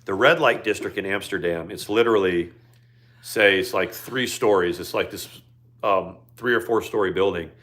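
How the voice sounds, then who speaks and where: Livestream co-host, man in his fifties, low-pitched, loose rambling delivery. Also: moderate pace, a bit bright. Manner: rambling, with many fillers. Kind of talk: casual chat.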